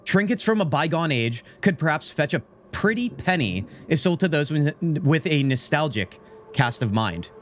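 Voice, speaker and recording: A man live-streaming a game, chatting with his viewers in an animated, mock-indignant, joking way into a desk microphone. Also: a little high, normal speed, slight background noise. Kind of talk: casual gaming live stream, talking to chat.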